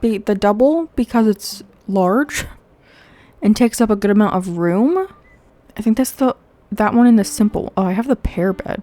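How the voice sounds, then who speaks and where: A young woman talks through her video game in a relaxed, rambling way. Her voice sounds stuffy and congested from sniffling, and she keeps thinking aloud as she decides where things go. Soft game music plays faintly behind her. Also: mid-range voice, unhurried. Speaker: gaming video host. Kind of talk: casual gameplay commentary.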